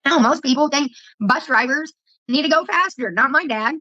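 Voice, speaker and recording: A woman's voice: high voice, moderate pace, pushed and bright, no room sound. A woman vlogger telling heated, profane stories in casual livestream chat, with dull lo-fi audio.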